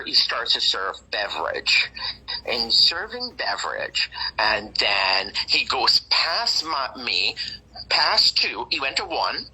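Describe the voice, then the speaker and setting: A guest telling a personal story in casual chat, animated and emphatic with dramatic asides. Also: mid-range voice, husky, poor audio.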